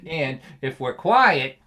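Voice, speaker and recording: A man in his sixties with a Boston accent telling comic stories on a livestream, animated and punchy, laughing at his own lines. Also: fairly high pitch, background noise. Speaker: folk singer and storyteller.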